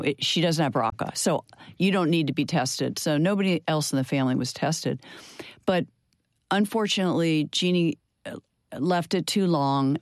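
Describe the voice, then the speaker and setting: A woman's voice: low voice, no room sound, studio quality. An older woman, a guest in an interview, telling her personal story in an earnest, candid way with many fillers and restarts.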